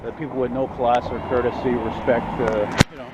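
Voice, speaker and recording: An older man vlogging as he walks a city street, rambling and opinionated, a self-described loudmouth. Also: medium pitch, flat delivery, a little fast, muffled recording. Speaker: walking vlogger. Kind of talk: casual walking commentary. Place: city street outdoors, walking. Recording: street noise behind.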